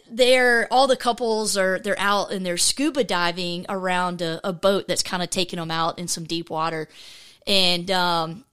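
Woman podcast host. Chatty, animated solo talk with many fillers. Acts out the voices she quotes. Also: mid-range voice, clean tone. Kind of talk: casual faith podcast monologue.

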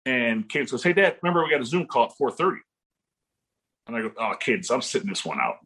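A husky man in his forties, from Illinois, telling a casual story. His voice sits in a middle range, and he jumps up in pitch whenever he acts out what someone said. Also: very animated, fast, pushed and bright. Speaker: guest, parent of a volleyball recruit.

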